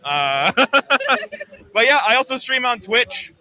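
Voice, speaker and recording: A man's voice: extremely high pitch, huge pitch swings, slow pace, sharp tone. A man who works as a voice actor, chatting in a laid-back, easygoing way as a guest on a live interview at a gaming expo. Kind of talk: casual interview chat.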